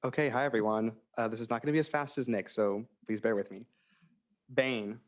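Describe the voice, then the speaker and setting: A man's voice: medium pitch, brisk. A young man serving as interim secretary, reading a roll call name by name and apologizing for slips. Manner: reads names one by one, apologizes for stumbles. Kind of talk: calling the roll at a meeting.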